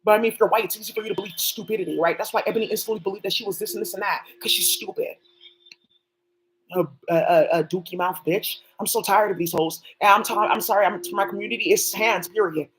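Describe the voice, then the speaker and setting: A woman's voice: medium pitch, fast talker, slight background noise, poor audio. A woman talking alone on a livestream, rambling and swearing as she jumps from one topic to the next. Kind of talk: rambling solo livestream talk.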